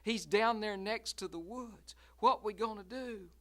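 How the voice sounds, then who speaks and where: A nervous farm boy with a raised, bright voice, fretting and hesitant, as a man storyteller puts him on. He hedges and worries aloud with a tense edge. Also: high voice, lively intonation, normal speed. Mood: worried. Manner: hesitant, fretful.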